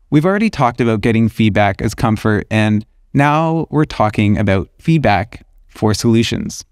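A man's voice: medium pitch, darkish tone, clean tone, no echo, clean studio sound. A man, an illustrator hosting his own podcast, talking through his ideas in a thoughtful, conversational way. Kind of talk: reflective solo podcast talk.

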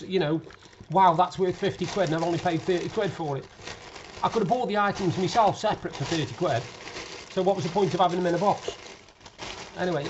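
A man's voice: sits high, a little mellow, husky, muffled recording. A man chatting casually in a vlog, complaining indignantly about his day. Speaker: vlogger.

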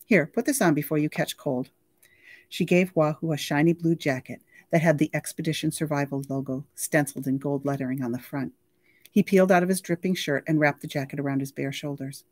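A woman reading a novel aloud for a library, with steady, clear storytelling. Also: sits low, a little fast, no room sound. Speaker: library reader.

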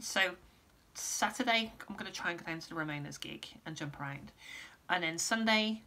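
Woman, casual vlogger, losing her voice, lowish pitch, rambly. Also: sharp tone. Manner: rambling, lots of ums and restarts. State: losing her voice, clearing throat. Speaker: musician giving an update. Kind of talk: casual vlog update.

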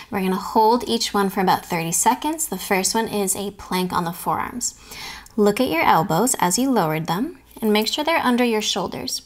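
A young woman leads a yoga class with an even, medium voice. She gives calm, step-by-step cues on each pose, and some of her words drop to a soft whisper. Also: medium pitch. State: slightly out of breath. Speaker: yoga teacher. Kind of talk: guided yoga class instruction.

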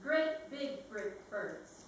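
An actress playing a spirited young Southern heiress in a live stage comedy, speaking with indignant emphasis. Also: female voice, medium pitch, sing-song, drawn-out words, a little hiss or hum. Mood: tender. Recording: echoey theater stage from far off.

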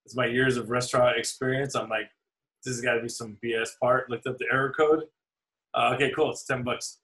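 A man's voice: medium pitch, steady tone, brisk, a bit bright, poor audio. A man co-hosting a casual podcast over drinks, chatting loosely and laughing as he tells rambling stories. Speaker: podcast co-host.

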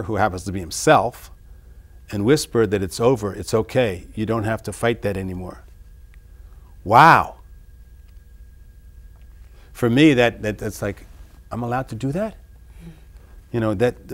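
A man discussing his own song lyrics in an interview, reading lines and then explaining them in a musing, halting way. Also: lowish voice. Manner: halting, many restarts. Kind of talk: reflective interview talk.

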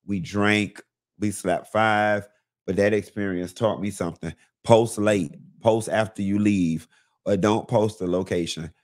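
Sassy, profane gossip host, low voice. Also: male voice, a little slow. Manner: sassy, blunt, profane, animated storytelling. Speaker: host of a live gossip show. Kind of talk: casual celebrity gossip commentary.

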